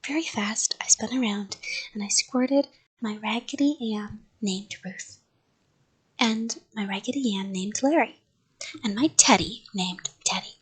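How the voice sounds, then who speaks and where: A woman reading a children's story aloud in a soft whisper. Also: mid-range voice, a little slow, husky.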